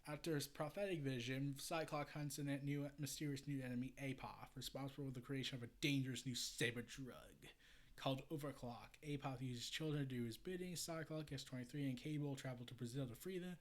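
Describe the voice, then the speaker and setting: A man's voice: mid-range voice, steady tone, a little fast. Chatty man reviewing comics. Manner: chatty, with stumbles and fillers. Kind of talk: casual comic review and summary.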